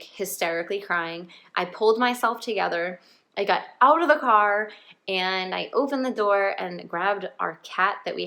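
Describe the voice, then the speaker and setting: Young woman vlogger, chatty storytelling to camera, bright clear tone, animated. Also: fairly low pitch. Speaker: vlogger, Catholic mom.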